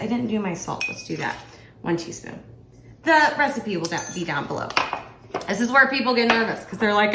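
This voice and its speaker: A woman's voice: medium pitch, lively intonation, normal speed, pauses often, reverberant, background noise. A middle-aged woman, a home cook and author, chatting casually and self-deprecatingly to the camera as she cooks in her home kitchen. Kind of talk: casual cooking vlog.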